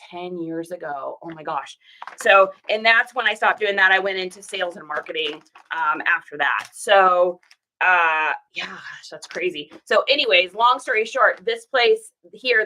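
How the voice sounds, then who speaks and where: A bright, forceful woman in her forties, stuffed up from a cold, rambles in an easy casual way while she packs orders. She is from Washington State and drifts from thought to thought, leaning on filler words as she chats to her viewers. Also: mid-range voice, rough recording. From Washington State, USA. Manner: rambling and chatty, full of "like" and "situation". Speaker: reseller vlogger. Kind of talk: casual vlog chat.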